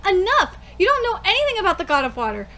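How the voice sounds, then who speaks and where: A woman's voice: very high voice, huge pitch swings, fast talker, pushed and bright, exaggerated voice. A woman voicing an upset young priestess girl who scolds and speaks bitterly while reading a manga aloud. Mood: exasperated.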